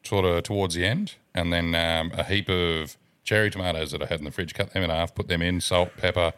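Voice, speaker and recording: A man's voice: deep voice, steady tone, a little fast, fairly bright tone, clean tone. An Australian man, a podcast guest, chatting in a laid-back way, giving detailed accounts and swearing casually. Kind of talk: casual chat.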